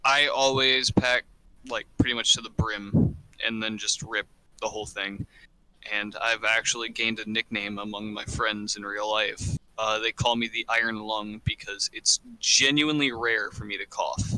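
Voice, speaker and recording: Young man with a very bright, lowish voice. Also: steady tone, normal speed, poor audio. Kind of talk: casual chat.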